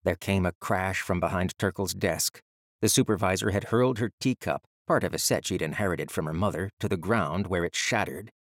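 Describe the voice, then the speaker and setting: A man narrating an audiobook in a steady, measured storytelling manner. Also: sits low, dry recording, studio quality.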